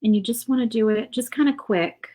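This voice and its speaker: A woman hosting a casual painting tutorial. She is chatty and rambles, thinking out loud with fillers and little asides. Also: fairly high pitch, brisk, low-quality recording. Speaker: craft channel host.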